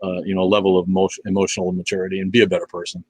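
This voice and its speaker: Blunt, profane older man, low voice. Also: monotone, racing, a little mellow, a little hiss or hum, poor audio. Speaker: live stream host. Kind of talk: casual live-stream chat reading viewer comments.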